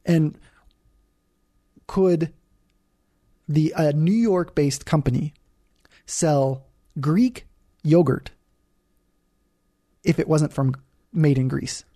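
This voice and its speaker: Gravelly, dark-voiced man co-hosting. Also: on the high side, no room sound, clean studio sound. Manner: halting, restarts often, playful. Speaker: podcast co-host. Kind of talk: casual chat.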